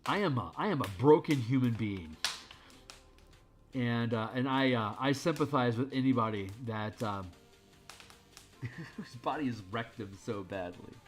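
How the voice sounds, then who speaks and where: A man's voice: medium pitch, unhurried, pauses often, faint music behind. A man casually chatting on a stream while he draws, rambling and candid, swearing freely. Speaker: streamer drawing art.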